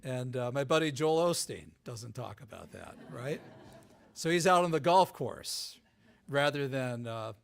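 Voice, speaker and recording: Animated man with a creaky voice. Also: medium pitch, a little slow. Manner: animated, many restarts, asks "right?" often. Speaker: guest speaker, author. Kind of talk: live talk with audience.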